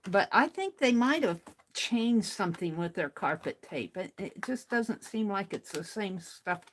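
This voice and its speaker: Hosting a craft livestream, a woman chats casually and mutters to herself as she works, slow and unhurried. Her voice is medium in pitch and animated, with slight background noise.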